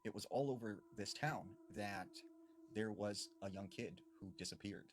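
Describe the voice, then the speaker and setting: A man telling a spooky folklore story in a casual, conversational way, building suspense with pauses and emphasis. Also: lowish voice. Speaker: horror storyteller. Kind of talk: casual spoken scary storytelling.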